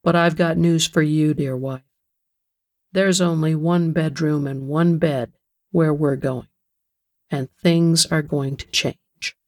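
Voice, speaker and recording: Give me a reader playing a possessive, menacing husband who talks low and slow. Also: male voice, steady tone. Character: brooding possessive husband, menacing and heavy-breathing.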